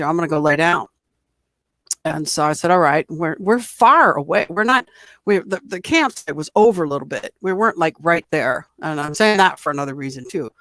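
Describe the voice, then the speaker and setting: A woman's voice: fairly low pitch, fairly bright tone, no room sound. A middle-aged woman telling her own story in a chatty, rambling way over a video call. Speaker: guest telling an encounter story. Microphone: computer mic on a video call.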